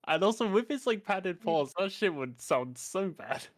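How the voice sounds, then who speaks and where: Male player, casual joking chat, a bit high-pitched, dry. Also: expressive, a little slow, no room sound. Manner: joking, laughing.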